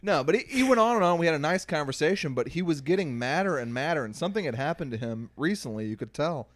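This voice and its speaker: A man's voice: a little high, animated, fast talker, no echo. A man co-hosting a comedy podcast, telling rambling anecdotes with a dry, jokey delivery. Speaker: podcast co-host.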